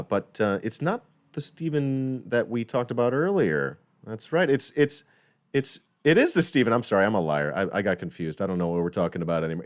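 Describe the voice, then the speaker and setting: A man hosts a casual live-stream trivia game, cracking jokes and wandering off into self-correcting asides. His voice sits a little low. Music plays clearly under his talk. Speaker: trivia host. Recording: music playing behind the voice.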